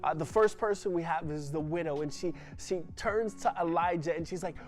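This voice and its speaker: A man's voice: on the high side, normal speed, soft background music. A male pastor preaching a sermon emphatically, often restarting his phrases with repeated words.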